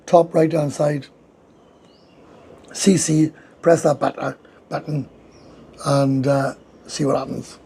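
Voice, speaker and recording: A man's voice: a little high, fairly even intonation, takes it slowly, pauses often, warm tone. A tired man with a Welsh accent, chatting casually on his livestream, slangy and swearing, reading out viewer comments. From Wales. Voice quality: gravelly, husky voice. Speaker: livestream host. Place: indoors, sitting with a coffee.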